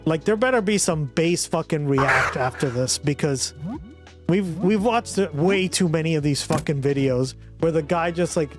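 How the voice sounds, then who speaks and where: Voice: mid-range voice, moderate pace, over loud music. A live streamer chatting casually with viewers, teasing, swearing and reacting to videos.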